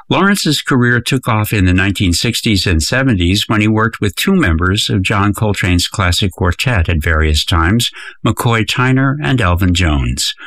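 Low-voiced male radio jazz host. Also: fairly bright tone, dry recording. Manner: measured, announcing track and band details. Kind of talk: scripted radio presentation.

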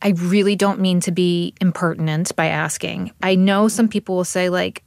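A woman hosting a radio show, narrating from a script and interviewing a guest in a measured, curious way. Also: lowish voice, fairly even intonation, vocal fry, a little mellow, no echo, clean studio sound.

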